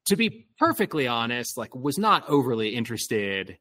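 A man's voice: medium pitch, sing-song, moderate pace, sharp tone. Rambling man telling a dating story. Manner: rambling, filler-heavy, swears freely. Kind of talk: casual chat.

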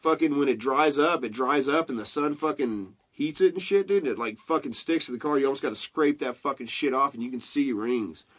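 A man's voice: mid-range voice, brisk, few pauses. A young man telling rambling, profane stories in casual chat with friends. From southern United States.

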